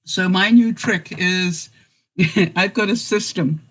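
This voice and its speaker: A woman's voice: on the low side, takes it slowly, low-quality recording. An older woman hosting a casual live-stream chat, talking straight to her viewers and laughing often. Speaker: vlogger host.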